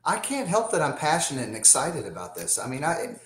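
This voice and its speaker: A male guest on a live video-call panel talks with animated energy and protests when he is teased. His pitch moves around a lot as he speaks. The room around him adds a noticeable echo. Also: brisk. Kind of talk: casual livestream chat. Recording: roomy echo.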